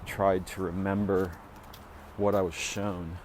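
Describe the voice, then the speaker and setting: A man musing aloud in a solo recording, rambling and speculative, often trailing off into fillers and restarts, with his pitch leaping up on points he stresses. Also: flat delivery, slow pace, a little mellow, a little hiss or hum.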